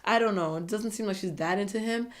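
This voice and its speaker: A woman giving a casual, opinionated recap of a TV episode, chatty and quick to slip into playful voices. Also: medium pitch. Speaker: TV show recap vlogger. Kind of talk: casual commentary monologue.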